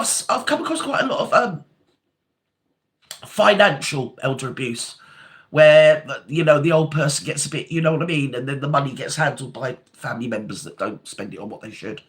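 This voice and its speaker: A woman's voice: low voice, expressive, normal speed. An older woman, hosting a casual live chat, reading out viewer comments and calling them darling. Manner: chatty, calls viewers darling and sweetheart.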